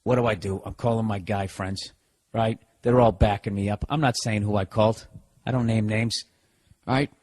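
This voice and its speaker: A man's voice: lowish voice, fairly even intonation, moderate pace, darkish tone. A man hosting a podcast alone, delivering a sarcastic, profanity-filled comedic rant. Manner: profane, sarcastic, exasperated ranting. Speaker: podcast host. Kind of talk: comedic ranting monologue.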